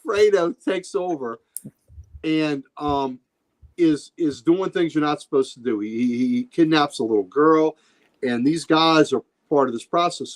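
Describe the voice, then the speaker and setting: A middle-aged man hosting a podcast, retelling comic book scenes in casual, enthusiastic chat. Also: a little high. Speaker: podcast host.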